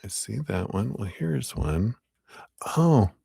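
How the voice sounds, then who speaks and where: A man's voice: on the low side, sing-song, takes it slowly, creaky, mellow, husky, dry recording, studio quality. A man hosting a live tarot reading stream, chatting casually, often apologizing and laughing between readings.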